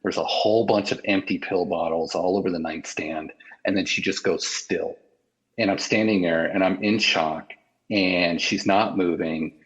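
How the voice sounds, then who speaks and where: Low husky man telling a painful story. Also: steady tone, a bit bright, low-quality recording. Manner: halting, emotional retelling with many restarts. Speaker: interviewee. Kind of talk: personal story in interview.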